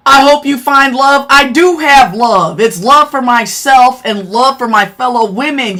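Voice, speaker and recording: A woman's voice: high-pitched, expressive, normal speed, hardly any pauses, a bit bright. A woman hosting a live stream, talking bluntly and profanely in a casual rant, answering her chat.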